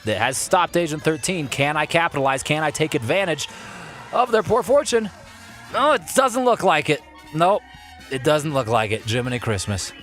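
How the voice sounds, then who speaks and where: A man giving live commentary over his kart racing stream, playful and excitable as he chats with viewers. His pitch leaps and dips all over as he reacts. Game music plays faintly behind him.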